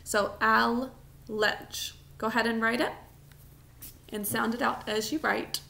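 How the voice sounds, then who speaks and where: A woman teaching a recorded spelling lesson, sounding out words slowly, syllable by syllable, for students at home. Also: fairly high pitch, fairly even intonation, creaky, pushed and bright.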